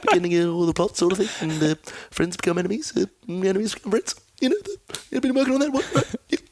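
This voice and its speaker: A man's voice: high voice, fast talker, a little hiss or hum, voice pushed up. A man imitating a prissy, posh cartoon baby. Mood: condescending. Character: impression of a scheming, posh cartoon baby boy.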